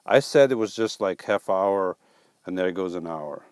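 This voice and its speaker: A man's voice: sits low, lively intonation, moderate pace, darkish tone, clear, resonant tone, no room sound. A man hosting a casual live stream, reading viewer comments aloud and joking back with playful teasing and stumbling restarts.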